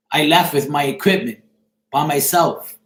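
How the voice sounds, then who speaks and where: A man's voice: a little high, a bit bright. Rambling middle-aged man, echoey room. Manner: rambling, repeats "you see what I'm saying". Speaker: live-stream host. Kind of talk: casual chat to viewers.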